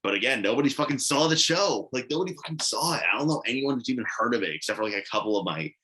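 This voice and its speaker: A man's voice: mid-range voice, lively intonation, very fast, bright, forceful tone, poor audio. A man giving casual, blunt commentary on TV award predictions, swearing and rambling with asides.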